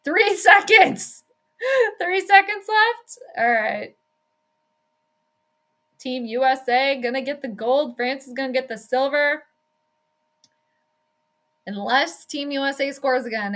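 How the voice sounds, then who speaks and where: Her voice high-pitched, bright and forceful, a young woman streams her own casual live play-by-play, chatting and reacting out loud to the games in front of her.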